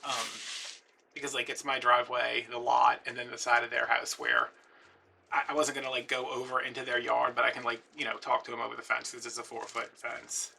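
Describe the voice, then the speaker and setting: Chatty man with a gravelly, bright voice. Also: completely flat delivery, brisk, distant mic, a little hiss or hum. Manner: chatty, rambling, acts out quoted voices in a higher pitch. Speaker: craft video host. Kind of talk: casual storytelling while crafting.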